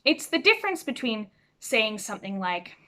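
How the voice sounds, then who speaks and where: Lively, bright-voiced woman teaching. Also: a little high, moderate pace. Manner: clear, expressive, demonstrates voices. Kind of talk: instructional talk to students. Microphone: video call.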